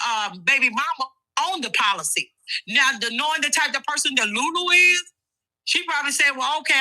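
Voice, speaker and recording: A woman's voice: sits high, pushed and bright, low-quality recording. A woman co-hosting a casual livestream chat, explaining emphatically and addressing the listeners directly.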